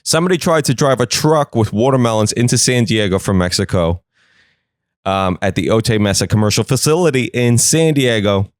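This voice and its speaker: A man's voice: fairly low pitch, animated, fairly quick, no room sound, studio quality. A man from California hosting a comedy podcast, riffing crudely on news in a rambling, self-mocking way. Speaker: podcast host. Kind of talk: comedic monologue.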